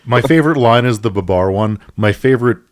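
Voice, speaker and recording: A man's voice: mid-range voice, brisk. A man in casual film discussion, chatty, with frequent restarts.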